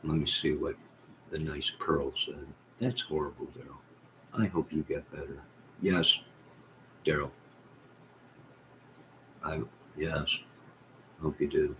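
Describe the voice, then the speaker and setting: A man with a very deep, low voice talks in an unhurried, drawn-out way. He hosts a casual livestream, rambling through stories and jokey asides as he reads his chat. A faint hiss sits under his voice. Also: steady tone, bright, forceful tone, poor audio. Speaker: livestream host reading chat. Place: at home in bed.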